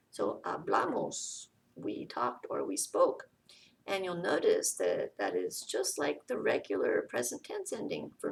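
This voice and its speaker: Gravelly-voiced woman teaching Spanish grammar. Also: deep voice, recorded from a distance. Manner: explains step by step, often says "okay". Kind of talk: grammar lesson.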